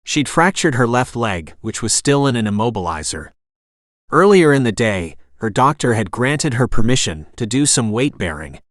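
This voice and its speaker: A man narrating a romance audiobook in a calm, even reading voice, giving the characters' dialogue a gentle touch. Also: mid-range voice, normal speed, dry recording, studio quality.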